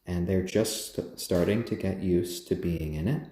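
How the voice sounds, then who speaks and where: A man hosting a casual home live stream, gently cooing to his pet chickens and chatting with viewers. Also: sits low, measured pace, roomy sound. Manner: chatty, answers viewers' comments.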